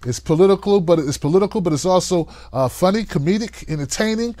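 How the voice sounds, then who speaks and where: A man hosting a live-stream call-in show, talking in a hyped, playful way and hollering shout-outs to viewers. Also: sits high, animated, quick pace, no echo, studio quality.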